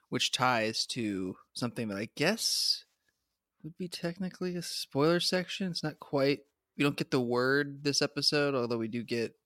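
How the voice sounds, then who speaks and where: A man co-host talks in a relaxed, hesitant way, stopping often to restart his sentences. His voice is of middle pitch, and the recording is dry and close. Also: no echo. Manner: hesitant, many uhs and restarts. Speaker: podcast co-host. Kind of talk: casual chat.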